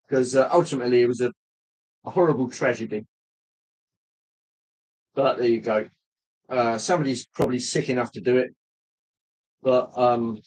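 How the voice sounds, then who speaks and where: A man hosting a casual livestream, chatting with viewers in a rambling, jokey way with frequent pauses. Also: mid-range voice, a little mellow, breathy edge, rough recording. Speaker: livestream host.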